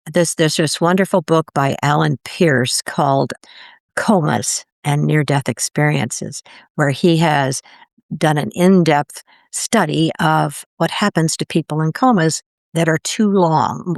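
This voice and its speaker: Podcast guest, older woman, low gravelly voice, lively storyteller who voices the people she quotes, dry close sound. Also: no echo. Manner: animated, acts out quoted voices with big pitch jumps. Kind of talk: conversational storytelling.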